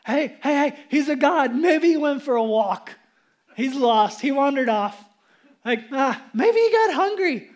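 A man's voice: extremely high pitch, expressive, brisk, hardly any pauses. A pastor voicing a bold male prophet who teases and challenges his rivals. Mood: mocking. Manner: teasing, challenging, upbeat. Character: bold taunting male prophet, confident and playful.

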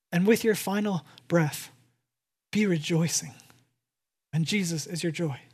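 Animated, emphatic preacher. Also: medium pitch, breathy edge. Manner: animated and emphatic, swinging from loud to hushed; repeats key phrases for effect. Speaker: pastor. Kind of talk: sermon.

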